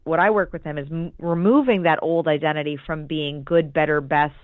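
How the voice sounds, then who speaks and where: A woman's voice: low-pitched, brisk, no echo. A woman coach explaining her approach in a casual interview, thoughtful and restarting her sentences often. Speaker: business coach. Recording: tinny phone-like dry line.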